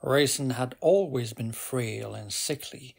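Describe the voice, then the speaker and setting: A man narrating a fantasy novel as a bedtime audiobook, in a soft, unhurried and even manner with a gravelly, husky voice. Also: medium pitch. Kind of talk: slow bedtime audiobook reading.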